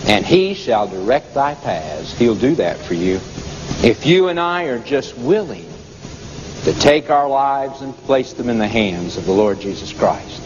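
A man preaching a sermon, telling a story slowly and dramatically, his pitch swinging between high and low. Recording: dull reverberant hall recording with noise.

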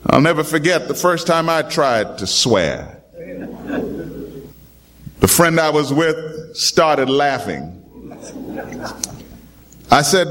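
A man's voice: fairly high pitch, very animated, slow, pauses often, a bit bright, slight background noise. A man preaching a sermon in a dramatic, emphatic way, calling out to his congregation.

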